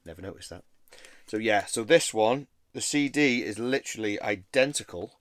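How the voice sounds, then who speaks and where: A man's voice: on the low side, lively intonation, normal speed, fairly bright tone, dry recording. A man chatting casually about his record collection, rambling and easily enthused. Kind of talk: casual show-and-tell vlog.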